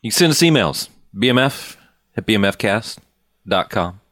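A man co-hosting a podcast, reading the show's contact details in an over-the-top pitchman delivery. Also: animated, normal speed, a bit bright, dry recording, studio quality. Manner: mock-grandiose pitchman delivery for plugs. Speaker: podcast co-host. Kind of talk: casual chat.

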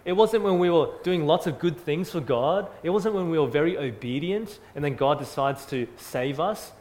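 A man preaching a sermon, earnest and emphatic, repeating phrases and swinging from loud to soft. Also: fairly high pitch, lively intonation, normal speed. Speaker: pastor.

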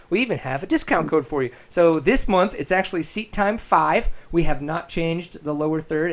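A man hosting a casual podcast, loose and joking as he rambles through ad reads and banter. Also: on the high side. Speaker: podcast host. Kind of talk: casual chat.

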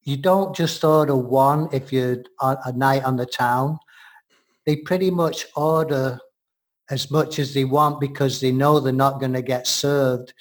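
A man's voice: medium pitch, steady tone, unhurried. An Englishman co-hosting a show, explaining things in casual chat, often laughing. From England.

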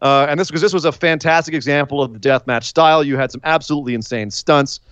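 A man's voice: a little high, smooth, no room sound, lo-fi sound. Joking male podcast co-host, dry sound. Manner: joking, animated, quick asides. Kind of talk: casual chat.

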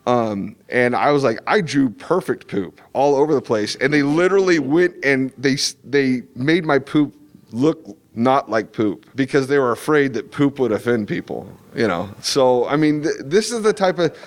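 A man's voice: medium pitch, animated, normal speed. A man who draws comics answers fans in a casual interview, rambling with many restarts and fillers and stressing points with emphatic asides. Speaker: comic book artist. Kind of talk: convention interview chat.

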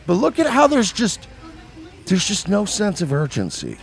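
A man co-hosting a podcast, chatting casually in an excitable, profane way. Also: high-pitched, moderate pace, gravelly, breathy edge. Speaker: podcast co-host. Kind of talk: casual chat.

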